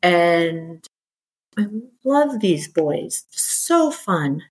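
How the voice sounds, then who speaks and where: Middle-aged woman guest, low-ish voice, candid storytelling, animated and exasperated. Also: extremely slow, a little hiss or hum, rough recording. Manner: animated, exasperated, quoting others in lively bursts. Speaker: podcast guest.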